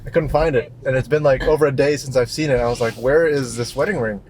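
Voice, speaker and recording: A man's voice: medium pitch, quick pace, darkish tone, slight background noise. A young man co-hosting a casual chat in a car, easygoing and chuckling, often restarting his sentences. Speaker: co-host.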